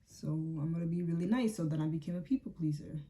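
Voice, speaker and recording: A woman's voice: low voice, quick pace, warm tone. A young woman telling a story casually as she gets ready, full of "like" and "um" fillers and acted-out quotes. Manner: chatty, fillers like "like" and "um", acts out quotes. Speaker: beauty vlogger.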